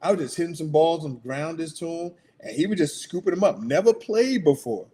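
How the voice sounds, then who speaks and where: A man's voice: fairly high pitch, animated, a little fast, dark tone, slightly rough. A middle-aged man hosting his own show, signing off in a loose, rambling way, chuckling often, his throat going out. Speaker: podcast host. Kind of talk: casual show sign-off.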